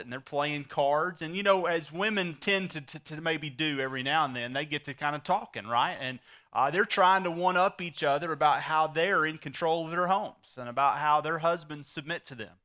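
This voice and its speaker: A middle-aged preacher with a bright, slightly high voice. He spins folksy stories and drives his points home emphatically. His tone stays forceful and ringing. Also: normal speed. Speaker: pastor. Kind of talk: sermon.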